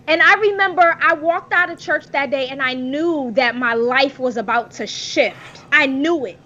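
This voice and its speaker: A woman's voice: high voice, moderate pace, few pauses, bright, forceful tone, dull audio. A woman guest on a podcast, telling her life story as an earnest, preacherly testimony.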